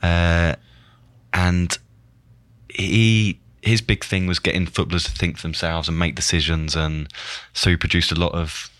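Very deep man, casual chat. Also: flat delivery, measured pace, a bit bright, no echo. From England. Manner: reflective, chatty with restarts. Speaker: podcast co-host, former footballer and coach. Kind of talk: casual conversation.

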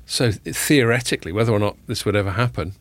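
A man hosting a casual tech podcast, joking with quick asides and plenty of fillers. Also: fairly low pitch, dry recording. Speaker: podcast host.

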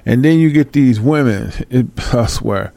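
Gravelly-voiced man ranting with profanity. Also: mid-range voice, a little slow, mellow, no echo. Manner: profane, exasperated, laughs often. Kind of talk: casual ranting commentary.

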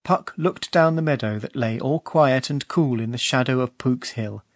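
A man narrating a classic story in a steady, even storytelling manner. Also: medium pitch, moderate pace, no room sound, studio quality. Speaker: audiobook narrator. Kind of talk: scripted narration.

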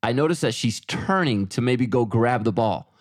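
A man's voice: mid-range voice, expressive, normal speed, no room sound, studio quality. A middle-aged man co-hosting a podcast, telling a story in casual chat and quoting himself and his wife. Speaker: podcast co-host.

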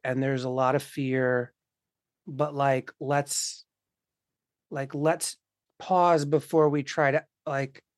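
A man's voice: mid-range voice, no room sound, clean studio sound. A man in casual conversation, talking with passion, swearing freely and acting out the voices of people he quotes. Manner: impassioned, swears often, acts out quoted voices.

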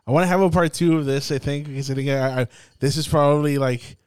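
A young man hosting a podcast, telling a story in a casual, profane, animated way and acting out the scenes. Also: a little high, fast, clean tone, dry recording. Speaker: podcast host. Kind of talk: casual chat.

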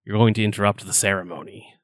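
A man voicing a tall, eerie skeleton that tends a circle of giant pumpkins, speaking in a calm, menacing way. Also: fairly low pitch, fast talker, dry recording, clean studio sound, natural voice. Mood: cold, dismissive.

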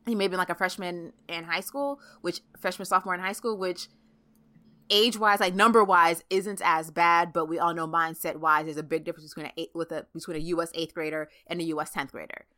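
Woman, podcast co-host, animated casual delivery, lowish bright voice. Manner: animated, talks fast with frequent fillers. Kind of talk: casual chat.

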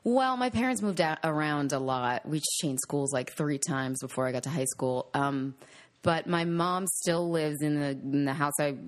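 Low-voiced woman telling lively stories. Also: normal speed. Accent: General American, faint Long Island. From Long Island, New York. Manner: animated storytelling, jumps up in pitch with laughs. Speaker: guest, TV news anchor. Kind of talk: casual interview chat.

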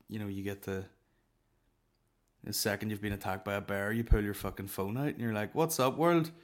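A man with a Northern Irish accent hosting a comedy podcast alone, answering listener questions in a sweary, rambling, self-mocking way. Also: fairly low pitch. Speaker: podcast host. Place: alone in a room.

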